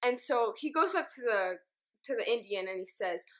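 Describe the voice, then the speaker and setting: A woman telling a joke to the camera in an animated storytelling way. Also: fairly high pitch, normal speed.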